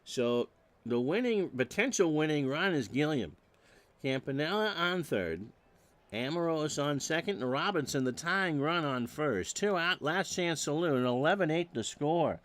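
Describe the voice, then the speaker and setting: High-voiced man calling simulated baseball, joking. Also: lively intonation, measured pace, a bit bright, no echo. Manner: dry joking asides between stats, erupts on big plays. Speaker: play-by-play announcer. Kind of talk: solo baseball play-by-play of a simulated replay.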